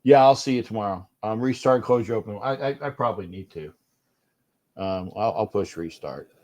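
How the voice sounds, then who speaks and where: A man's voice: fairly low pitch, moderate pace, a little mellow. A man hosting a casual livestream from home, grumbling and irritated, often repeating and restarting his phrases. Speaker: livestream host.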